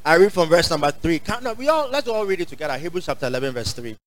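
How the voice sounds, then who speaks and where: A man with a Ghanaian English accent preaching a sermon as pastor, calling out to the congregation, repeating his phrases and rising to shouts. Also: fairly high pitch, big pitch swings, fast, poor audio.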